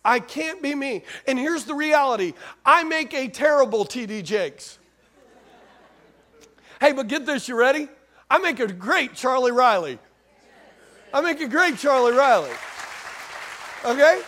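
High-voiced pastor preaching. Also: male voice, animated, measured pace, long pauses, a bit bright. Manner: conversational, repeats phrases, asks the crowd questions. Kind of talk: sermon.

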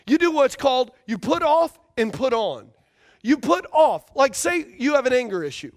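A man's voice: very high-pitched, very animated, moderate pace. A man preaching a sermon to a congregation, emphatic, repeating key phrases and checking that they follow him. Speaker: pastor.

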